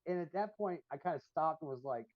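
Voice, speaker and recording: A man's voice: a little high, lively intonation, a little fast, no room sound. A man co-hosting a podcast, telling long, profane, rambling stories full of fillers in casual chat. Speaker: podcast co-host. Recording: dull lo-fi stream audio.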